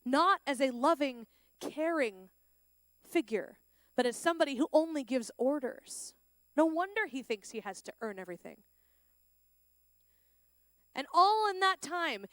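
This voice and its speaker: A woman giving a lively sermon at a school chapel, acting out the lines of the story's characters. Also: high-pitched, a little slow, pauses often, no echo, clean studio sound. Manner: animated, plays out the characters' lines. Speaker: chapel speaker.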